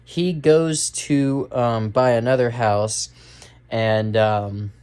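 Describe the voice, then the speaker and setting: A man's voice: medium pitch, steady tone, very slow, darkish tone, clean tone. A young man giving a casual, rambling movie review, full of fillers and restarts. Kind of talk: casual spoken film review.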